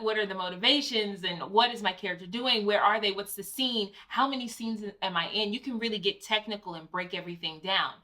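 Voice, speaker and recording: Woman co-host, bright and forceful tone, casual advice chat, personal anecdotes. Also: medium pitch. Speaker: co-host, Broadway actor.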